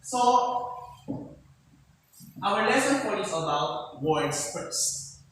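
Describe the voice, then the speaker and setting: A man's voice: high voice, expressive, very slow, a bit bright, slight background noise. A man teaching a class, explaining patiently and often checking in with his students. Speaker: teacher giving a demonstration lesson. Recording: echoey room, mic far off.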